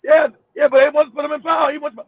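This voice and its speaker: High gravelly guy ranting, swearing a lot, sounds like a tinny phone line. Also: racing. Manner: loud, animated, profane ranting. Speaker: co-host. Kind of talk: casual chat.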